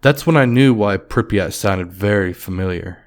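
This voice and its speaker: A man narrates a horror story in a very deep, low voice. He delivers it in a measured, somber way, pacing it to suit a creepy tale.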